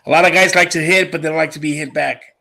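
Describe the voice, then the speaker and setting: A man co-hosting, talking slowly and emphatically about wrestling, repeating words. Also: on the high side, fairly even intonation, vocal fry, sharp tone. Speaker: co-host wrestler. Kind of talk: casual chat.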